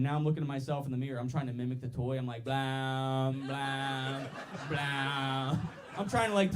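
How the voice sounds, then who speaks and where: Loud laughing stand-up comedian, mellow tone. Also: male voice, fairly high pitch. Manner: loud, laughing, crowd work. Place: comedy club stage.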